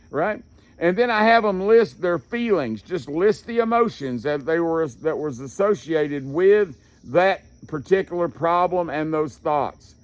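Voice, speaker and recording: A man speaks in a fairly high, folksy voice, teaching anger control like a casual chat. He loops back with fillers and restarts. Crickets chirp faintly behind him. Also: lively intonation, measured pace, dry recording. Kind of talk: casual lecture.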